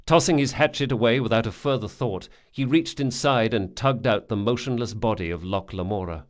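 A man narrating a fantasy audiobook at a mid pitch for a man. His delivery is steady and measured as he lays out the action. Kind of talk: scripted narration.

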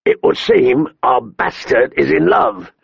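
A man narrating a story and voicing a cruel, mocking master-at-arms who speaks in a sharp, cold voice. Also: a little high, very animated, a little slow, creaky, slightly rough, dry recording, dull audio, voice pushed up, heavily acted. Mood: cold taunting. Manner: taunting, mocking.

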